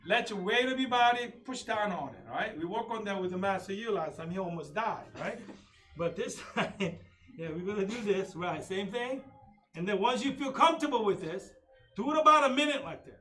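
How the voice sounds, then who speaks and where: A man teaching a live online taekwondo class, calling kick counts and drills with sharp shouts. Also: high-pitched, expressive, fairly quick, distant mic. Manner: coaching commands, loud kiai shouts. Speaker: taekwondo instructor. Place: training studio.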